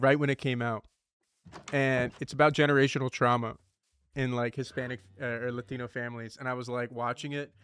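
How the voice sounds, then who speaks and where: A man streaming a survival game, chatting casually in an animated, rambling, slangy way. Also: medium pitch, clear, resonant tone, no room sound. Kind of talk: casual gaming commentary.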